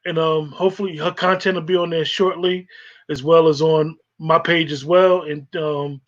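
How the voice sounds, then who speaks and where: A man hosting a casual podcast chat, talking in a halting way with restarts. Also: on the high side, steady tone, dull audio. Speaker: podcast host.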